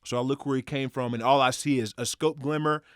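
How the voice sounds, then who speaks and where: A man as a podcast guest, telling a hunting story in casual, animated and profane style, acting out quotes. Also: medium pitch, brisk, no room sound, clean studio sound. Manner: animated, profane, excitable retelling with acted quotes.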